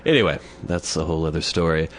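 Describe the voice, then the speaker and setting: A man co-hosting a podcast, telling a long crude anecdote in a rambling, deadpan way. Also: rumbling low, quick pace, slight background noise. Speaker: podcast co-host.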